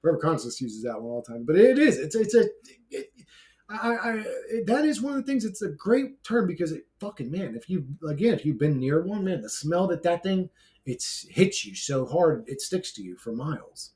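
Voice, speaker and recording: A man's voice: on the high side, big pitch swings, moderate pace, darkish tone. A man giving a brash, blunt, profane ranting monologue to his own channel, laughing between outbursts. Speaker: YouTuber.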